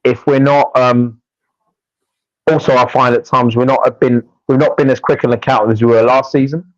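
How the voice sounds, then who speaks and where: Animated man on a dull dry mic. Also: mid-range voice, fairly quick, no room sound. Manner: animated, frequent restarts and stumbles. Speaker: football podcast co-host. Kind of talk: casual fan match preview chat.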